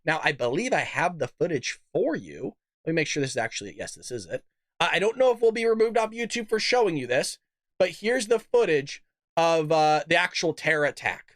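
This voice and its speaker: A man's voice: a little high, very animated, fairly quick, a bit bright, dry recording, clean studio sound. A man hosting a casual political commentary show, ranting, swearing and laughing often. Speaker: podcast host.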